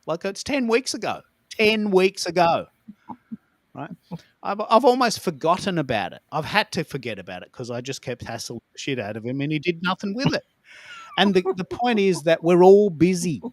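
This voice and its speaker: A man co-hosting a casual podcast chat, telling stories in an animated, emphatic way. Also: sits high, normal speed, no room sound, clean studio sound. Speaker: co-host.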